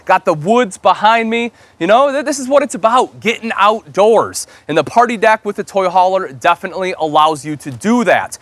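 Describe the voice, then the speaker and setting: High-voiced upbeat RV show host man. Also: fairly bright tone, dry recording. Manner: enthusiastic and chatty, addresses viewers as folks. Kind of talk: upbeat sales walkthrough. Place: inside a travel trailer.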